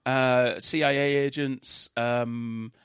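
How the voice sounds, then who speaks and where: A man's voice: medium pitch, level tone, takes it slowly, creaky, fairly bright tone, smooth, no room sound, clean studio sound. A man chatting casually with friends, often stopping and restarting as he searches for words. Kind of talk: casual chat among friends.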